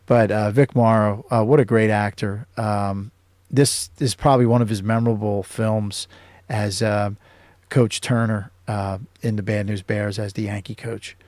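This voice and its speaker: A man's voice: fairly low pitch, steady tone, a little slow, a little mellow, no room sound. A man hosting his own show, casually recapping a film scene by scene, with many ums and uhs. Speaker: show host.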